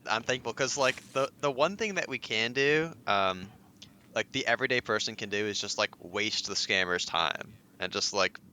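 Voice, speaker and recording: A man's voice: fairly low pitch, normal speed, pushed and bright, clean tone. A young man guesting on a podcast in casual chat, easygoing, with many filler words and restarts. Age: young adult.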